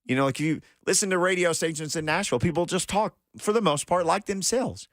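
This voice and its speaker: A man's voice: on the high side, expressive, fast, fairly bright tone, no echo. Chatty male radio host, dry studio. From small-town American. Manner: rambling storyteller, playful, mimics voices. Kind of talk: casual sports radio chat. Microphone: studio microphone.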